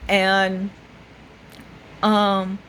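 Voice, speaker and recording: A woman's voice: medium pitch, monotone, drawn-out words, fairly bright tone, slight background noise. A woman vlogger telling a story to the camera in a casual way, laughing often and full of fillers. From United States.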